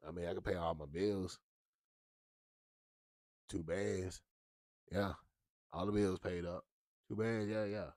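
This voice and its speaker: A man hosting a casual talk show, ranting with lots of profanity and animated swings into high yelps. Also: a little slow, pauses often, dry recording, clean studio sound. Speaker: show host.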